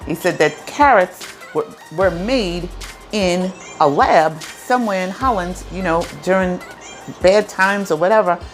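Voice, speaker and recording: A woman vlogger telling a personal story in a chatty, animated way, full of asides. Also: fairly low pitch, unhurried, faint music behind. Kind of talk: casual storytelling to camera.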